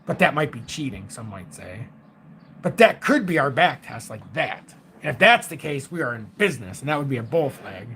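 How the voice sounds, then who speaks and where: A man in his forties hosting a casual crypto live stream, talking through charts in an excitable, emphatic way with fillers and the odd swear word. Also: mid-range voice, brisk, gravelly, slight background noise. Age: 40s.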